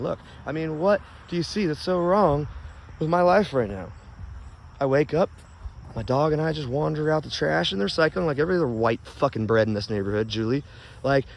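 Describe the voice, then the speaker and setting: A man's voice: on the high side, slight background noise. A man ranting angrily and profanely into his phone camera while outdoors in his yard, stoned and rambling. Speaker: vlogger.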